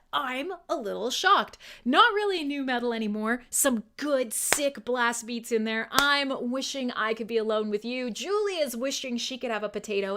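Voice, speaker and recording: A young adult woman hosts a live metal radio show, bantering irreverently with listeners, swearing and laughing a lot. Her voice is on the high side with a sharp tone.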